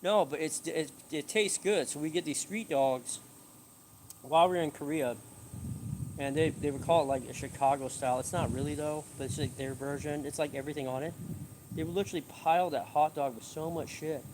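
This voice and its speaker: A man's voice: fairly high pitch, brisk, background noise. A middle-aged man chatting casually and rambling on a live stream from his yard, swearing offhandedly. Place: outdoors at home, rural yard.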